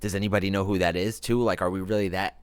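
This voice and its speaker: A man's voice: sits low, flat delivery, fast talker, clear, resonant tone, no echo. A man hosting a casual music podcast, laid-back and slangy, musing about the scene. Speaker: podcast host and music producer. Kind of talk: casual chat.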